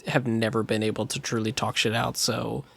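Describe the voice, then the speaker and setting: A man's voice: fairly low pitch, little pitch movement, normal speed, creaky, a bit bright, slightly rough. A man co-hosting a casual film podcast, laid-back and wry in how he talks. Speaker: podcast co-host.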